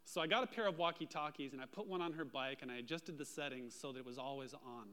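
A man preaching a sermon as pastor, telling a personal story with lively, animated delivery. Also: mid-range voice, fast talker.

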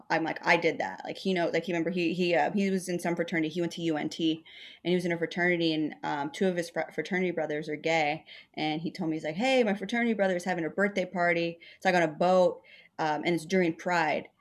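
A woman's voice: on the low side, fairly even intonation, fast. A woman comedian in a casual conversation, rambling through stories with many fillers and acting out what other people said. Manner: rambling storytelling, acts out quoted voices, many "like" fillers.

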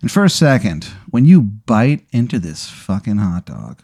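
A man's voice: on the low side, big pitch swings, measured pace, vocal fry, darkish tone, husky, no room sound, clean studio sound. A man hosting a comedy podcast, improvising a rambling second-person story and swearing casually. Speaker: podcast host.

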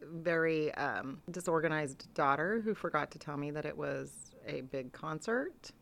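A woman co-hosting a podcast, chatting casually and quickly agreeing with her co-host. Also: low-pitched, vocal fry, fairly bright tone. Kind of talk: casual chat.

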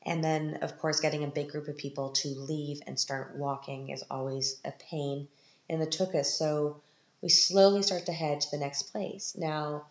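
A woman podcast host telling chatty stories from her week in a casual monologue, animated, with sudden high-pitched quoted reactions. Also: normal speed. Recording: roomy, muffled home recording.

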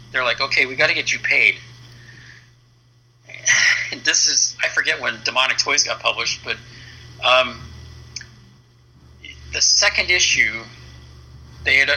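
A man's voice: medium pitch, moderate pace, long pauses, slight background noise, low-quality recording. A man in his fifties, a comic book letterer and interview guest, casually telling an anecdote and acting out the dialogue. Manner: lively storyteller who acts out quoted dialogue.

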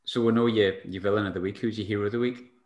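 A man's voice: lowish voice, fairly even intonation, racing, darkish tone, muffled recording. A man, co-hosting a podcast, dropping dry teasing remarks. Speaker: podcast co-host. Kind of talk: casual chat, teasing questions. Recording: voice from farther off the mic.

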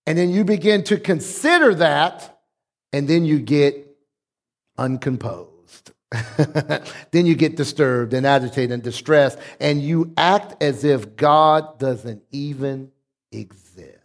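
Male pastor with a high voice, preaching with emphatic call-and-response. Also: unhurried. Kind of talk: sermon.

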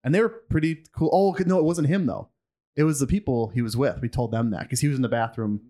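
A man tells a story in a relaxed conversation, speaking at a middle pitch. He slips into the voices of the people he quotes and often breaks into laughter. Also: fast. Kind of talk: casual storytelling.

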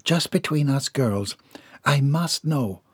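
A man's voice: mid-range voice, animated, slow, slightly rough, no room sound, studio quality. A man voicing a prying, affected society lady who gossips at a party.

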